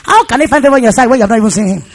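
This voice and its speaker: Very high, gravelly preacher man. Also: expressive, very fast. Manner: repeats phrases and leads the congregation in call-and-response. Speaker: pastor. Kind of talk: sermon.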